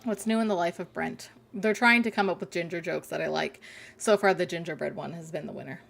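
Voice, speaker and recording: A woman's voice: lowish voice, fairly quick, gravelly, fairly bright tone. A young woman streaming a survival game, chatting casually, giggling and reading jokes from chat aloud.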